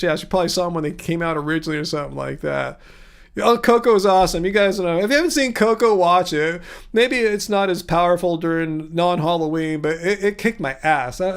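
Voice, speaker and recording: A man's voice: high-pitched, clear, resonant tone. A man hosting a casual livestream, answering viewer comments in a chatty, earnest way, thinking aloud with frequent restarts. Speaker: livestream host.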